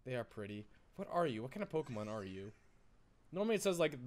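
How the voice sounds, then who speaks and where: A man giving casual, excitable let's-play commentary, rambling with frequent stammered restarts. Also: medium pitch, fairly quick. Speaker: gaming YouTuber.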